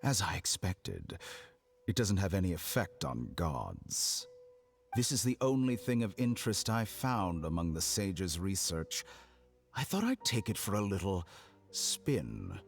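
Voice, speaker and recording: A deep, gravelly game villain, a scheming mad scientist who relishes every word. His low voice swoops expressively with sly menace. Soft game music plays under him. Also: wildly swooping pitch, measured pace, full character voice. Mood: smug menace. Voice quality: gravelly, smug. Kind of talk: game voice acting.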